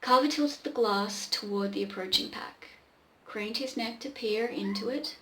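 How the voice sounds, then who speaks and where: A woman's voice: fairly high pitch, measured pace, roomy sound, slight background noise, rough recording. A woman hosting a show, casually reading an old pulp story aloud, with irreverent swearing asides. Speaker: podcast host reading old pulp stories.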